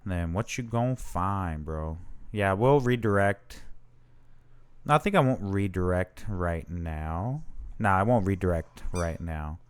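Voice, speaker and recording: A man's voice: low voice, animated, unhurried, smooth. A man hosting his channel, casually commenting on his own card game match and thinking aloud with fillers and self-corrections.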